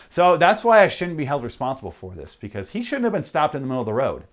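A man's voice: mid-range voice, fast. A man hosting a podcast, ranting comedically and profanely and acting out little bits. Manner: profane, animated, acts out bits. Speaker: podcast host. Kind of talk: comedic solo rant.

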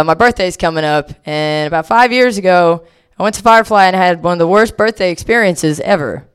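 A woman's voice: on the low side, smooth. A young woman from Delaware doing a stand-up comedy set, rambling through crude, self-deprecating stories with plenty of swearing. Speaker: stand-up comic.

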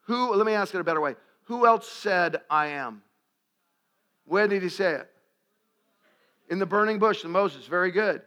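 High, bright-voiced preacher working a crowd. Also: male voice, lively intonation, moderate pace, long pauses. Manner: asks the crowd questions, gets loud and shouting at climaxes. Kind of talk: sermon. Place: live event before an audience.

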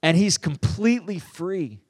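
A middle-aged man preaches by telling a story in a slightly high voice. He acts out every exchange, jumping in pitch and loudness. The sound is dry and close. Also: animated, unhurried, breathy edge, no echo. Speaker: pastor and teacher on deliverance. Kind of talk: storytelling sermon.

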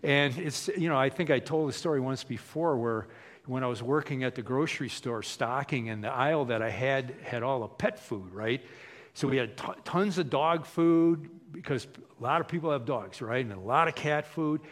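A man's voice: medium pitch, normal speed. A man preaching in a casual, conversational way, acting out little quoted voices as he tells stories. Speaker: pastor. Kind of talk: casual sermon.

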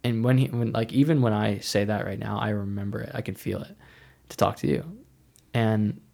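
Low gravelly man telling his testimony. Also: little pitch movement, moderate pace, darkish tone. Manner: casual, rambling, heavy use of "like" and restarts. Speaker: speaker sharing a faith testimony. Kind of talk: personal testimony storytelling.

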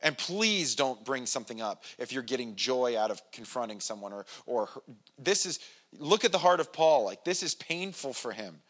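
A pastor with an Irish family background gives his congregation a casual, conversational sermon, self-deprecating and full of restarts and acted-out quotes. His voice is medium-pitched and fairly bright, with lively intonation at a moderate pace.

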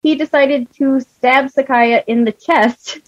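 A young woman co-hosting a podcast, telling stories in profane, animated casual chat. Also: sits high, slow, no room sound, lo-fi sound. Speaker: podcast co-host.

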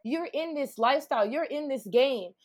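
A preachy, bullying male pimp, as a woman quotes him in her own story. He talks down in crude, hammering lines. The voice sits a little high. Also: lively intonation, normal speed. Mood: domineering. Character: domineering controlling male pimp lecturing.

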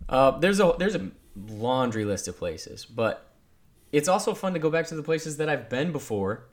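A man's voice: a little high, sing-song, normal speed. Teasing, cursing podcast co-host man. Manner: teasing, swears freely, rambling. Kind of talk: casual chat.

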